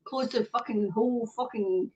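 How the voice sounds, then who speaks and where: On the high side and a little mellow, this Scottish livestream host's voice moves at normal speed as she delivers a casual, angry rant full of swearing, pausing to read out comments from viewers. The stream audio is dull and lo-fi.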